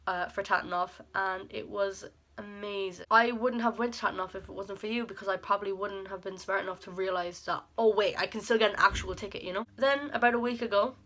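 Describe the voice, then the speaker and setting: A woman's voice: mid-range voice, fairly even intonation, fast, fairly bright tone. A young woman recording a rambling, heartfelt birthday message to a close friend at home, full of "like" and fond, emotional asides. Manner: rambling and affectionate, heavy use of "like"; emotional, near tears at times. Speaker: vlogger.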